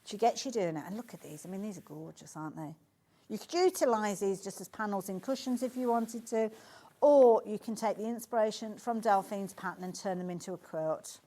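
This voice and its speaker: A woman's voice: medium pitch, a little fast, warm tone. A woman presenting a live shopping channel demo, gushing and chatty in her sales patter. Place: TV studio.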